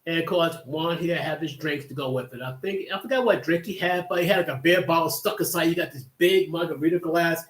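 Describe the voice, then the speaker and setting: A man's voice: fairly high pitch, brisk, few pauses. A man hosting a livestream, telling a long casual story that rambles with many restarts and asides. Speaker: livestream host. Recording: echoey room.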